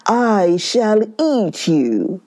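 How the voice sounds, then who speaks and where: A woman's voice: medium pitch, sing-song, very slow, darkish tone, voice pushed up. A woman voicing a hungry, menacing tiger who growls his words in a children's story.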